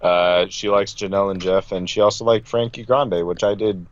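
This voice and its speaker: A man's voice: fairly low pitch, steady tone, normal speed, dry recording. Dry-joking man on a dull mic. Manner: dry joking, reads contestant profiles. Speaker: podcast co-host. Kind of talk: casual recap chat.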